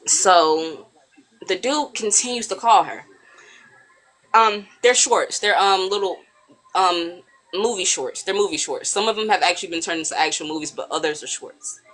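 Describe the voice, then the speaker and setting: A woman telling a story on a live stream, animated and acting out characters with frequent ums. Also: fairly low pitch, normal speed.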